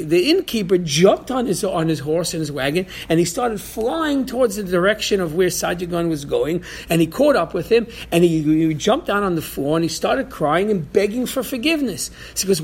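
A man giving a religious lesson, telling a story in a halting way with many repeated words. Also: sits high, breathy edge. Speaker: Torah teacher.

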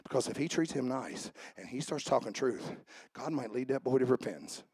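A male pastor preaching a sermon to his church, swinging between shouted emphasis and low conversational asides. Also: animated, brisk, husky, dry recording, clean studio sound. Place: church sanctuary.

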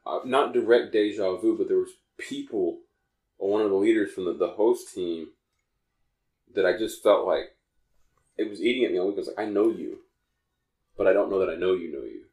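A man's voice: sits low, darkish tone, reverberant. A man co-hosting a podcast, telling a long personal story in a rambling way and often restarting his sentences. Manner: rambling, self-correcting storyteller. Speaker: podcast co-host. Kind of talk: casual podcast chat.

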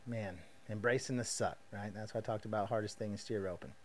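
A man, hosting a podcast and telling stories in a casual, folksy, energetic way full of asides. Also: lowish voice, a little fast, slight background noise. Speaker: podcast host. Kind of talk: casual monologue.

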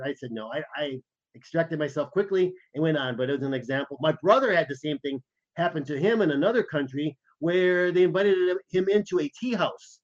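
A man with a slightly raised voice co-hosts a podcast and tells anecdotes in a lively, casual way. He acts out the voices of the people in his stories, and the recording sounds dull and lo-fi. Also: fairly high pitch, brisk. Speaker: podcast co-host. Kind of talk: casual storytelling chat.

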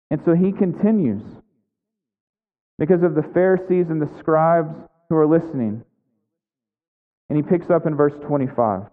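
A man preaching a conversational sermon, tossing in frequent "right?" asides and acting out the characters' lines. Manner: acts out biblical characters' lines with shifting pitch. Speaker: pastor. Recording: echoey hall over a thin phone-like line.

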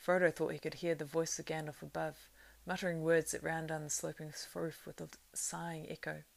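A woman reads a story aloud in a low, gravelly voice. She keeps a steady storytelling line and lets it swell in the action. The sound is close and dry, with no room around it. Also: a little fast, dry recording. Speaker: reader. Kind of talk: reading a novel aloud.

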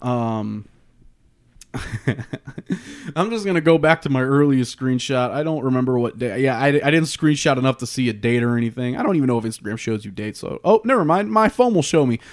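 A man's voice: mid-range voice, animated, a little fast. Laid-back swearing man reading posts. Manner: laughing, swearing, loose and rambling. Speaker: podcast host. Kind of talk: casual chat, reading out social media posts.

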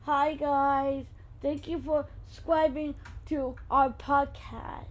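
A sweet little boy, put on by a woman, talking slowly and simply to his Mommy. The voice sits high and bright. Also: little pitch movement. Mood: cheerful.

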